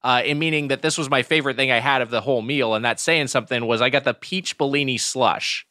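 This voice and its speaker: Man, podcast co-host, bright tone, relaxed review chat, close dry mic. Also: mid-range voice, fast, no echo. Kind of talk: casual chat.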